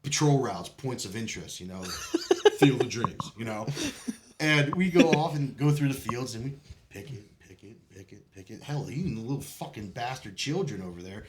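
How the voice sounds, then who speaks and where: A man's voice: a little high, normal speed, crowd noise. A man telling his old service stories in a casual podcast chat, cursing freely and laughing through his tales. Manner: animated, profane, laughs often while telling stories.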